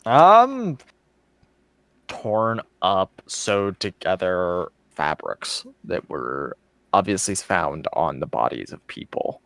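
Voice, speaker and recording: A man running a tabletop game as game master, narrating in a relaxed, casual way. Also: low-pitched, slow, creaky, no echo. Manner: relaxed, casual, swears offhand.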